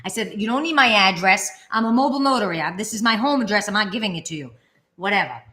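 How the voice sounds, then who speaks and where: A woman's voice: mid-range voice, quick pace. A woman co-hosting a casual vlog, telling stories and acting out the people in them with a raised voice. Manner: animated, acts out quotes in raised voice. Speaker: vlog co-host. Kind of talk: casual storytelling chat. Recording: echoey room.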